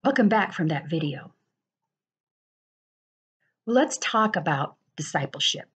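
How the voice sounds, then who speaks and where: A woman leading a Bible study, reading passages aloud and explaining them in a steady way. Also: low-pitched, slow pace, husky. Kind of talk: explanatory teaching. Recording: dull lo-fi recording.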